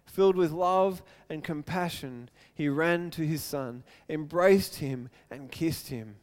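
Speaking slowly, a high-voiced man delivers a sermon as pastor. He earnestly recounts the story with emotion, alternating narration with dramatized quotations.

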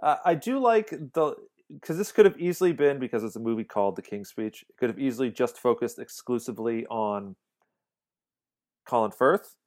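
A man co-hosting a podcast, talking through a film in a thoughtful, halting way with many restarts. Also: medium pitch, expressive, a little mellow. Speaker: podcast co-host. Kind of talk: casual film discussion.

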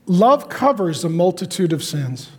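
A man preaching a sermon in a lively, joking way, acting out complaining voices. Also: high voice, measured pace. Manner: animated, jokey, acts out complaining voices. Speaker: pastor.

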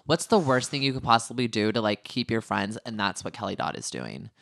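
A man's voice: fairly low pitch, big pitch swings, gravelly, fairly bright tone, no room sound, clean studio sound. A man co-hosting a podcast, recapping a reality show in a chatty, joking way. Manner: joking, chatty, quick asides. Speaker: podcast co-host. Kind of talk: casual reality TV recap chat.

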